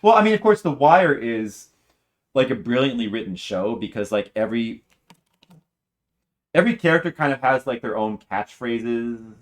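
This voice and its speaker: Rambling, excitable male game streamer. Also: medium pitch, moderate pace. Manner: rambling, enthusiastic, many fillers and restarts. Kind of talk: casual commentary while playing.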